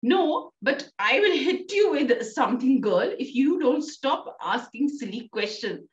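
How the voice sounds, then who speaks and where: A woman with an Indian English accent reading the part of a stern, sharp-tongued middle-aged mother in a firm, scolding way. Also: mid-range voice, lively intonation, moderate pace, lightly acted. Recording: distant, roomy, dull sound.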